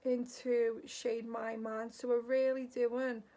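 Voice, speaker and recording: A woman with a high voice chats her way through a makeup tutorial. Her pitch stays fairly level, and she makes jokey asides to herself as she works. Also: flat delivery, slow pace, warm tone. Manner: chatty, jokey, talks to herself while working. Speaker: beauty vlogger. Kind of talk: casual makeup tutorial chat.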